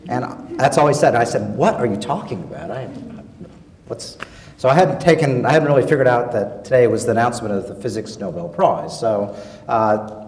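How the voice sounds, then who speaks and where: A man telling a story as a guest on a public panel, wry and halting, with plenty of fillers. He sounds set back from the microphone. The long tail of a large hall carries his voice. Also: medium pitch, a little mellow. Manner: wry, hesitant with many fillers. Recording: echoey hall, voice from far off.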